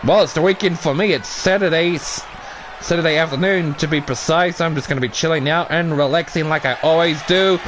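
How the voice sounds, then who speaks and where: A man giving casual play-by-play commentary on a wrestling video game, shouting at big moves and swearing now and then. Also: fairly high pitch, fairly quick, noisy background. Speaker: YouTube gaming commentator.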